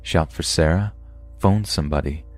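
Deep-voiced man narrating horror stories. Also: normal speed, soft background music. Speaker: podcast host and story narrator.

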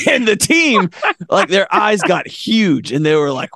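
A man's voice: on the high side, sing-song, moderate pace, gravelly, fairly bright tone, no echo, studio quality. A middle-aged man telling a story on a podcast, acting out voices and laughing at himself. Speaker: podcast guest. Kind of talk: animated storytelling in conversation.

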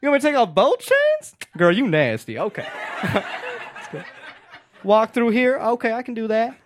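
A young man performing stand-up in a comedy club, animated, laughing at his own jokes and acting out voices. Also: very high voice, normal speed, a little hiss or hum. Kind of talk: stand-up set.

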